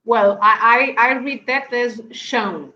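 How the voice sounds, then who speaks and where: A woman's voice: a little high, steady tone, unhurried, pushed and bright. Female guest, Portuguese accent, explanatory and giggly, muffled remote line. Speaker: language guest. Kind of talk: casual chat.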